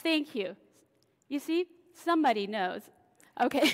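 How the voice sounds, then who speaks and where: Woman pastor, conversational sermon, playful storytelling, somewhat high voice, reverberant hall. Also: expressive, slow. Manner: chatty, acts out voices in dialogue. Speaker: senior pastor. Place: church sanctuary.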